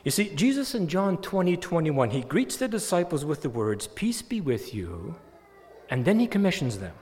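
Male pastor, slightly high voice, animated sermon delivery, reverberant sanctuary. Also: normal speed. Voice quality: animated, building to loud emphatic peaks. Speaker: preacher. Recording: long hall reverb.

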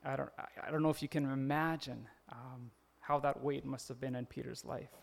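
A man's voice: mid-range voice, fairly even intonation, moderate pace, gravelly. A man preaching a sermon in a conversational way, often laughing and acting out the quoted lines. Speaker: pastor.

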